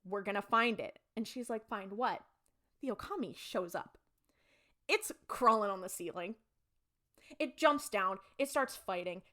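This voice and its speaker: A woman's voice: mid-range voice, unhurried, long pauses, sharp tone. A young adult woman co-hosting a podcast, animatedly retelling an episode and acting out the characters' lines. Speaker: podcast co-host. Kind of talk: casual chat recapping a TV episode.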